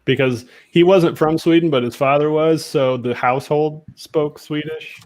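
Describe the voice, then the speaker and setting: A man, a guest YouTuber, chatting in a relaxed way in a casual conversation. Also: a little high, normal speed. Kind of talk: casual chat.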